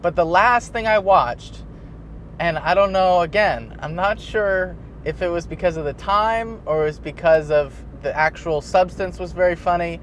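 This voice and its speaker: A podcast host chats casually in a high-sitting, slightly bright voice at a moderate pace, rambling and laughing often as he tells a story. There's a faint hiss or hum on the recording.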